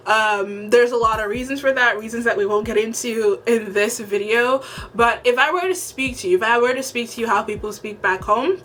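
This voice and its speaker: A woman's voice: fairly high pitch, moderate pace, a bit bright, a little hiss or hum. A woman from the Caribbean giving a frank, opinionated review of a TV series in a casual vlog. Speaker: TV review vlogger.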